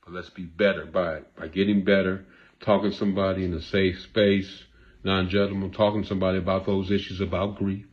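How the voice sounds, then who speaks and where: A man with a low-pitched voice talks fairly quickly and flatly on a muffled recording. As a talk show host playing a therapist, he gives a casual monologue to camera while grieving, repeating himself like a preacher and sometimes becoming emotional.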